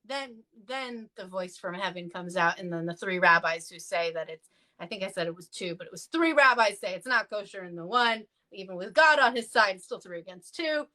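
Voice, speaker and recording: A woman's voice: expressive, brisk, sharp tone. A woman talking casually in a livestream discussion, telling stories in a chatty way with many fillers. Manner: acts out quoted voices with jumps in pitch. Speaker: clergy guest in a discussion.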